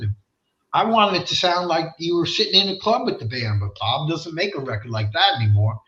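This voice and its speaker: Male interview guest, high bright voice, animated and profane storyteller, roomy dull lo-fi stream audio. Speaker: guest rock singer.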